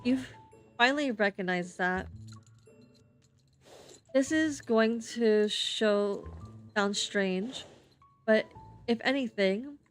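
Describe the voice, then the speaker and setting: Woman streamer, slow halting read-aloud of game text, lots of slips and restarts. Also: on the high side, soft background music. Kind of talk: reading game narration on stream.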